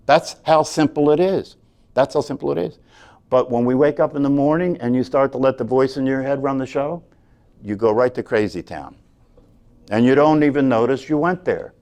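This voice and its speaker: A man's voice: medium pitch, a little mellow. A man teaching a meditation class, talking earnestly and often checking in with "right?". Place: class room.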